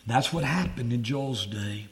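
A man's voice: medium pitch, lively intonation, unhurried. A man preaching a sermon at a camp meeting, earnest and pleading.

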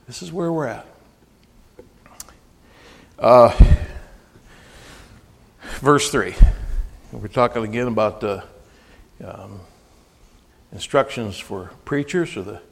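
A male preacher giving a folksy, emphatic sermon, often rising to near-shouting when he quotes scripture. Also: medium pitch, slow, gravelly, long pauses. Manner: folksy, with frequent restarts and asides. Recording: long hall reverb.

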